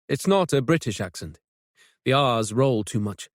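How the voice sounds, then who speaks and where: Male audiobook narrator, mid-range, measured and suspenseful, dry close studio sound. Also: mid-range voice, expressive, no echo. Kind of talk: scripted narration.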